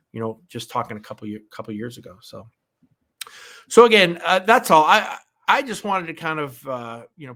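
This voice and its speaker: A man's voice: medium pitch, a bit bright. A man hosting a podcast, talking casually on his own, rambling, repeating words and asking "right?" again and again. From United States. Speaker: podcast host. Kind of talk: casual solo commentary.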